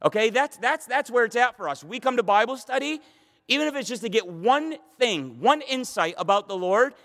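A man's voice: very high voice, expressive, moderate pace, a bit bright, in a large hall. A man preaching a sermon as pastor, impassioned and pleading, often repeating words for emphasis.

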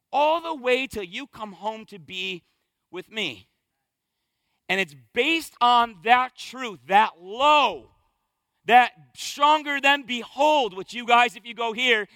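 A pastor preaches with energetic, emphatic repetition. His voice sits very high and bright for a man, with a forceful edge. The sound is dry and close. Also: no echo. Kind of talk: sermon.

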